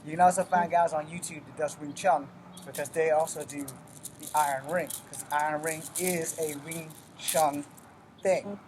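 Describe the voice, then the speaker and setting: At a moderate pace, with a medium, slightly mellow voice and fairly even intonation, he demonstrates weapons techniques over slight background noise. His step-by-step drill explanations are casual, blunt and peppered with cursing.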